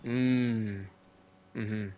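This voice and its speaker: A man's voice: fairly low pitch, fairly even intonation, drawn-out words, smooth, lo-fi sound. A young man hosting a casual chat, rambling and swearing, with lots of fillers and restarts.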